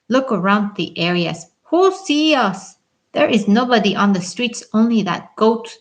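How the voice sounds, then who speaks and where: A woman reading a novel aloud, softly voicing the characters in turn. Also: mid-range voice, poor audio. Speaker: audiobook reader.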